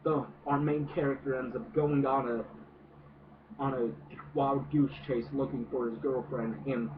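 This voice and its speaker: A movie reviewer goes on a casual, profane rant about a film, hesitant, swearing a lot, and full of fillers. His medium-pitched voice keeps a fairly even intonation and measured pace, heard through distant, noisy, phone-like audio.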